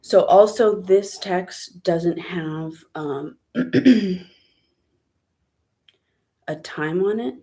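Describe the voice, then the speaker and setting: A woman telling her own story in a casual vlog, halting and upset, with many fillers and blunt swearing. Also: lowish voice, dark tone. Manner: many fillers and trailing pauses.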